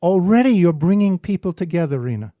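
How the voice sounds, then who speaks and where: A man's voice: high voice, very animated, mellow. A man with a Brooklyn New York accent hosting a radio poetry show, chatting casually with many ums and jokes. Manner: halting, many ums, joking. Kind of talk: casual radio interview chat.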